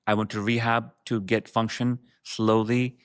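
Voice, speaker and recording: A man's voice: on the low side, little pitch movement, unhurried, smooth. A man, a business founder and guest, telling his personal story in an interview with emotion, often restarting his sentences.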